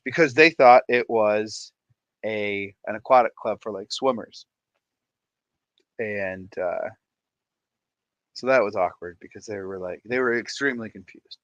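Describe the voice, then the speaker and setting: A man's voice: on the low side, measured pace, pauses often, fairly bright tone, no room sound. A man hosting an aquarium channel, chatting to camera in a playful, jokey way, with showman hype and frequent laughs. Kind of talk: casual chat to camera.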